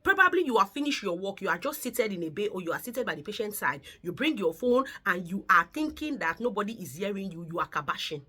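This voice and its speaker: Lively, bright-voiced woman nurse from Africa. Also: mid-range voice, fast, hardly any pauses, slightly rough. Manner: earnest, lecturing, repeats warnings with rhetorical questions. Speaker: nurse giving advice to migrant care workers. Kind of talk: casual advice vlog.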